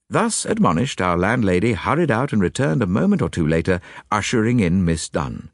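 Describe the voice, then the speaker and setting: A man reading a story aloud as an audiobook narrator, in a measured, storytelling manner. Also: on the low side, very animated, vocal fry, dry recording, studio quality. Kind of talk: scripted narration.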